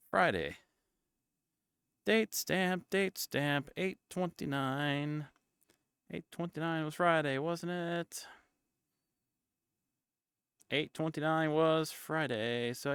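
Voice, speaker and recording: Male streamer, casual chat, playful teaser; unhurried delivery, gravelly tone. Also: a little high, a bit bright, no room sound, clean studio sound. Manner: playful, teasing. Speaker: VTuber streamer.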